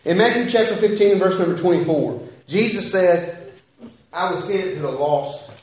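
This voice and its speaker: A man with a high-sitting, somewhat mellow voice preaches a sermon at normal speed, speaking conversationally with rhetorical questions and frequent restarts. The recording is dull and lo-fi, made in an echoey hall.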